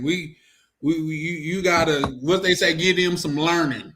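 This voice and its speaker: A man hosting a casual group talk, bantering in an animated, slangy way and often laughing. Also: on the high side, moderate pace, noisy background. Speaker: host.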